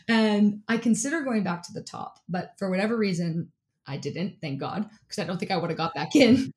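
An animated woman tells a story as an interview guest. She talks casually, leans on "like" again and again, and breaks into laughter as she goes. Her voice sits at a middle pitch for a woman. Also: moderate pace. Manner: animated, fills speech with "like", laughs often. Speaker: interview guest, athlete and keynote speaker.

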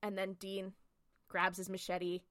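A woman's voice: medium pitch, unhurried, no room sound, clean studio sound. A woman co-hosting a podcast, recapping a TV episode in casual chat, acting out the characters' lines with lots of fillers. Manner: chatty, animated storytelling with lots of "like" and acted-out quotes. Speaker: podcast co-host.

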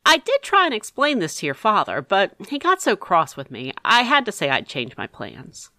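A woman's voice: medium pitch, wildly swooping pitch, moderate pace, sharp tone, no room sound, studio quality, full character voice. A woman voicing an eccentric, playful middle-aged uncle who speaks with theatrical flair. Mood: jovial. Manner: theatrical, flamboyant.

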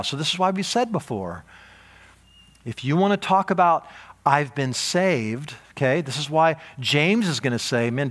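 A man preaching with a lively, animated delivery, his voice sitting a little higher than most men's. He speaks emphatically and often repeats words to drive a point home. The pitch swings widely from phrase to phrase. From United States. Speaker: pastor. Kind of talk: sermon.

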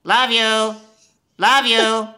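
A man's voice: little pitch movement, extremely slow, sharp tone, full character voice. A man doing a squawking pet parrot. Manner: shrill repeated squawks, low grumbling mumbles. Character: squawking pet parrot, mimics old folks.

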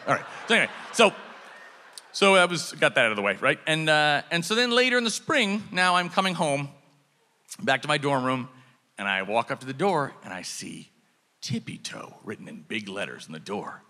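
A man telling a comic story on stage, acting out the people in it and breaking into shouted dialogue. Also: on the high side, normal speed. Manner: animated, acts out shouted dialogue. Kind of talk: live comedic storytelling. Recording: long hall reverb.

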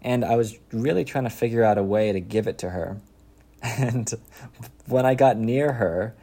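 A young man chatting casually in an interview, rambling and restarting with quick laughs. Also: mid-range voice, warm tone. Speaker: content creator making comedy skits.

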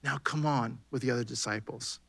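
A man's voice: mid-range voice, fairly quick, gravelly, a bit bright, breathy edge. A man preaching a sermon in a conversational way, acting out bits of dialogue as he goes. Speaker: pastor.

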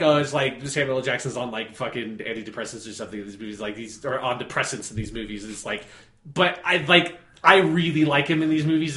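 A man's voice: medium pitch, sharp tone. A man co-hosting a podcast, chatting casually about films, rambling with lots of fillers and casual swearing. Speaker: podcast co-host. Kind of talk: casual film discussion. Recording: roomy echo.

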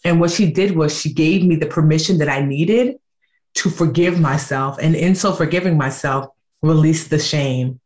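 A woman in her thirties, a guest in an interview, telling her story in a lively, animated way. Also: low-pitched, normal speed. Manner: animated, acts out quoted voices.

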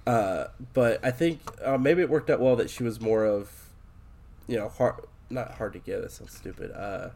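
A man's voice: mid-range voice, moderate pace, a little mellow. Rambling, swearing man in casual chat. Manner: rambling, swears freely, many fillers and restarts. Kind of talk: casual chat about a video game.

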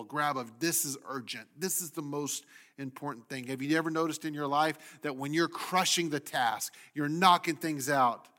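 A man preaching a sermon as pastor, speaking with animated emphasis and sometimes voicing the complaints of people in the story. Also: a little high.

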